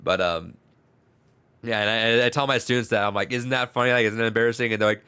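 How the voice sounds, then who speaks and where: A man's voice: mid-range voice, fairly even intonation, quick pace, pushed and bright, clean tone, no room sound. A man co-hosting a podcast, telling a story in rambling casual chat, restarting his words and swearing freely. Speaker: podcast co-host.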